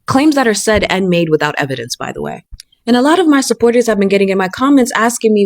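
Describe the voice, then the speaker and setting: A woman commentator talking to her followers in a rhetorical, deliberate and defiant way. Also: mid-range voice, animated, no room sound, clean studio sound. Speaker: social media commentator. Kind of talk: direct-to-camera commentary.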